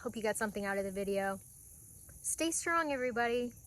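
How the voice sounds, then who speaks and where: A woman's voice: fairly high pitch, animated, quick pace, fairly bright tone. A middle-aged woman vlogging outdoors on her homestead at sunrise, talking in an earnest, reflective, heartfelt way into a handheld camera. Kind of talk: casual outdoor vlog talk.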